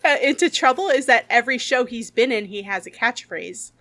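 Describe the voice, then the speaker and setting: A woman's voice: fairly high pitch, lively intonation, brisk, pushed and bright. A woman co-hosting a podcast in casual chat, chatty and laughing often as she tells stories. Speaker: podcast co-host.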